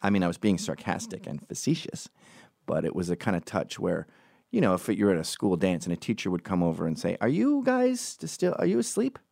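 A man's voice: low-pitched, fairly quick, gravelly, no room sound, clean studio sound. A man telling stories in a casual monologue, rambling, swearing and going off on tangents while acting out the people he quotes. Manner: rambling, profane, goes off on tangents; lively, acts out quoted voices.

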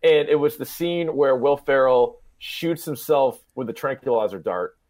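A young man, a podcast host, chatting casually and excitedly retelling comedy movie scenes, acting out lines and laughing often. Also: medium pitch, moderate pace. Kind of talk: casual chat.

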